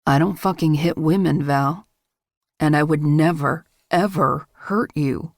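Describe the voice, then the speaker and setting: A woman voicing a stern male crime boss in an audiobook, speaking low, clipped and controlled. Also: unhurried, no room sound, studio quality. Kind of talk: audiobook character voice.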